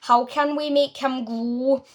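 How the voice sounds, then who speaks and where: A fretful, anxious mother who wails and pleads for help, read by a woman. Her voice stays high and worried. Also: steady tone, slow.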